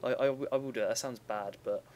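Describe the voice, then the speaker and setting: Speaking fast in a slightly mellow, middle-pitched voice with fairly even intonation, a young man talks loosely through a strategy game battle replay, frequently stopping to correct himself. It's casual gameplay commentary, with a faint ambient hum underneath.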